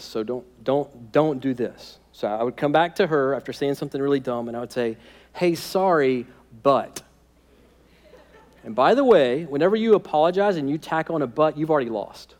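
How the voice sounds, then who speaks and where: A man's voice: medium pitch, a little fast, a little mellow. A man preaching a sermon as pastor, conversational and humorous, often checking in with "right?".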